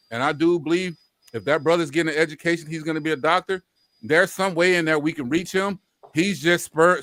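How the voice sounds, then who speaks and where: With a fairly high, slightly bright voice captured in clean studio sound with no room sound, a Southern man from Louisiana, Mississippi, talks on a live-stream panel. His accent is Southern, and his impassioned, casual remarks are earnest, repetitive and sometimes laced with swearing.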